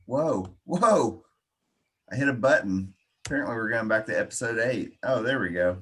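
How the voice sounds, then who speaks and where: A man's voice: medium pitch, expressive, moderate pace, a bit bright, husky. A man hosting a casual podcast chat, teasing his co-hosts with dry humor. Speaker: podcast host.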